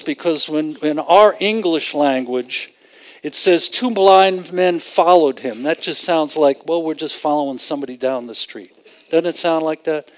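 This rough recording captures a man whose voice runs on the high side as he preaches. Earnest and emphatic, he drives his points home while explaining scripture and dramatizing its quotes.

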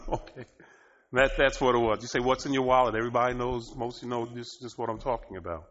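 A man preaching a sermon, often laughing and rising to loud, emphatic bursts, in a dull lo-fi recording. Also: medium pitch, fairly even intonation, quick pace.

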